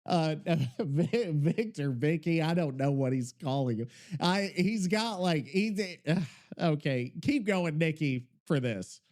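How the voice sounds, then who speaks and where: Male podcast host, excitable and rambling, heavy swearing; high, very lively voice. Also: slow pace. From Missouri. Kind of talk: casual podcast chat.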